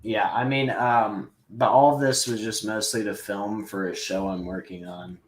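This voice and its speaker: Lower-voiced young man rambling loosely. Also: steady tone, normal speed, poor audio. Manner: loose and rambling, lots of fillers. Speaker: co-host. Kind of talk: casual podcast chat.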